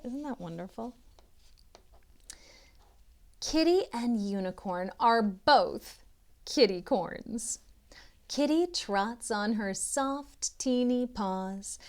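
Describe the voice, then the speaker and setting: A young woman and literacy tutor reading a children's picture book aloud, expressive and chatty, with asides to the listener. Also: a little high.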